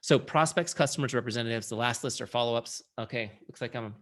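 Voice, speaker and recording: A middle-aged man who is a founder and sales trainer, giving an energetic, conversational training talk and often checking in with his audience. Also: medium pitch, quick pace. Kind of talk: live training presentation.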